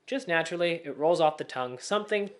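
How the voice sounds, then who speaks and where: Young man, speech coach, casual tutorial, slightly high voice. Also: lively intonation. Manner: demonstrates mumbling and rushed speech as examples. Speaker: speaking coach.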